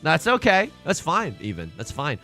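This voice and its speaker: A man's voice: fairly high pitch, moderate pace, soft background music. A male streamer chatting casually and joking while playing a game. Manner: animated, joking, rambling. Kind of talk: casual gaming livestream chat.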